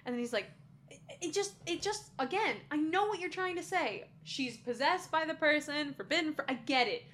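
A woman co-hosting a podcast in casual chat, animated and laughing often as she acts out lines. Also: sits high, moderate pace, slight background noise. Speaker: podcast co-host.

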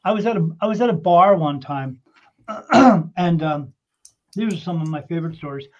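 A man with a fairly high voice tells stories in a loose, animated way, slipping into the voices of the people in them. The sound is muffled and lo-fi. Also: normal speed. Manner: animated anecdote-telling, acts out quoted voices. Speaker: psychic guest. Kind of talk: casual storytelling.

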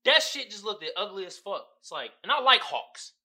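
This podcast host delivers a casual solo rant at a moderate pace, profane and heated. His voice is lively, dipping and rising with a very bright, sharp edge as he swings from loud bursts to quiet muttering.

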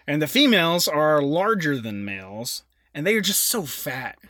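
A man's voice: fairly high pitch, sing-song, moderate pace, sharp tone. A young adult man co-hosting a podcast in casual chat, presenting facts with jokey asides. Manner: chatty, jokey, with self-aware asides. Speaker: podcast co-host.

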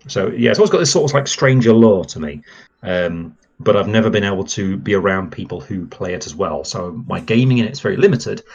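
A man's voice: on the low side, lively intonation, a little fast, gravelly, breathy edge, dull audio. A man, a podcast guest chatting enthusiastically with lots of fillers. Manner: rambling and enthusiastic, many fillers. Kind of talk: casual podcast chat.

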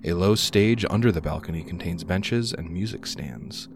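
A man's voice: low voice, normal speed, gravelly, a little hiss or hum. A man narrating as game master, reading room descriptions with frequent "uh" hesitations.

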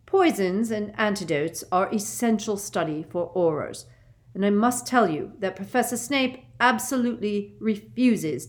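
McGonagall: a woman doing a crisp, stern old professor. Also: medium pitch, pitched above the performer's own voice, close to an everyday voice. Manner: crisp, curt, haughty. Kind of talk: audiobook character voice.

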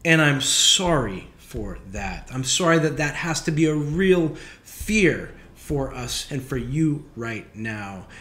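A man's voice: medium pitch, animated, slow pace, few pauses, a bit bright. A man preaching a sermon as pastor, talking casually and wryly, reading scripture with emphasis. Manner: conversational, wry, reads scripture with emphasis. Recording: roomy echoey sound.

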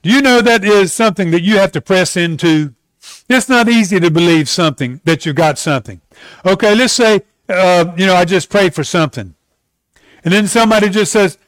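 Earnest high-voiced male preacher. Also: expressive, dry recording, low-quality recording. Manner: earnest, slows down to stress scripture. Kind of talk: sermon.

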